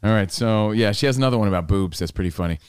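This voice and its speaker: A man's voice: fairly low pitch, very fast, clean tone, dry recording. A man hosting a live podcast, bantering loosely and jokingly. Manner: loose and jokey, acts out quotes in a raised voice. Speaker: podcast host.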